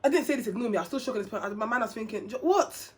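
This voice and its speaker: A young English woman, a vlogger, tells a personal story directly to the camera in a fairly high voice at a very fast clip. She's chatty and full of slang, laughing often and performing the voices of the people involved.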